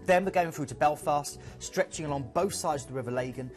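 A man's voice: fairly high pitch, a little fast, soft background music. A man presenting cruise destinations on a live TV sales show, rambling enthusiastically. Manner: enthusiastic, rambling travel descriptions.

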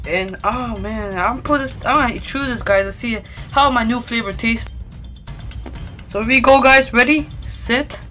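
A woman's voice: a little high, moderate pace, music in the background. A woman vlogging a DIY food experiment at home into a phone camera, rambling and tacking guys or bro onto every sentence. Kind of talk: casual DIY food vlog.

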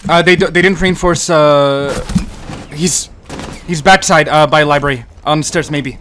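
A young man streaming a shooter game, calling out enemy positions in casual, quick bursts. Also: on the high side. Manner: quick tactical callouts, bursts of chanted shouting. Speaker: gamer streamer. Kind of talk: casual gaming callouts. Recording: faint background noise.

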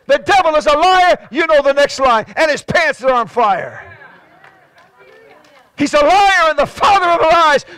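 A male pastor with a New England accent preaching a fervent sermon, stacking repeated words and swelling into shouts. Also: dry recording. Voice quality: high-pitched and impassioned, repeating words as he builds.

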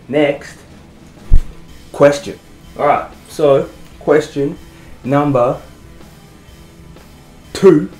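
A man's voice: mid-range voice, a little mellow. Chatty young Australian man, echoey room. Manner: chatty, rambling, enthusiastic. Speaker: marine science vlogger. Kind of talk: casual Q&A vlog.

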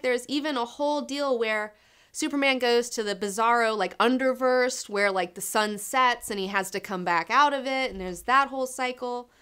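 A woman's voice: fairly high pitch, a bit bright, smooth. A young woman casually reviewing comics, enthusiastic, swearing freely and saying "like" a lot.

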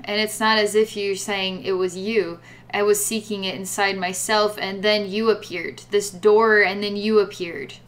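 A woman's voice: mid-range voice, fairly even intonation, measured pace, hardly any pauses. Rambling woman giving a psychic reading. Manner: rambling, full of "like" and repetitions. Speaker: psychic reader. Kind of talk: guided spiritual reading.

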